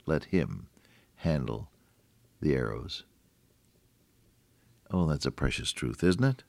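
An older man preaches a gentle radio devotional in a very low voice that swoops up and down with feeling. He talks folksy and conversational, stumbling over his words and then reading Scripture slowly. The sound is dry and close, with no room around him. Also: animated, creaky, no echo. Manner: folksy, conversational, with frequent restarts and Scripture quoting.

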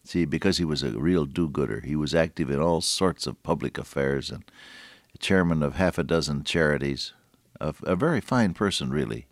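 A man preaching a sermon in an earnest way, slowing down and stressing key words. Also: rumbling low, no echo, studio quality.

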